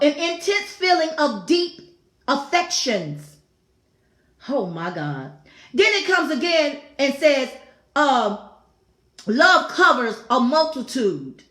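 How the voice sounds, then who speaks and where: In an echoey room, a woman with a high, fairly bright voice hosts a talk show and teaches scripture. Her devotional talk has a fervent preaching quality, full of repetition and exclaimed asides.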